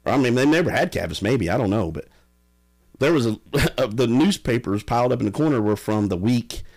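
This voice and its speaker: A man casually telling stories, animated and often laughing. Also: mid-range voice, fairly quick, breathy edge. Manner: animated, laughing, drawling storyteller. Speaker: podcast guest. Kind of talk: casual storytelling.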